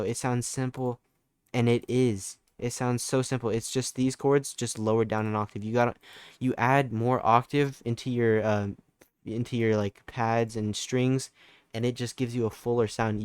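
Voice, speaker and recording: A young man walks through a music production tutorial in a casual screen recording, laid-back and loose, with lots of fillers and restarts. His mid-range voice sounds clean, with no echo.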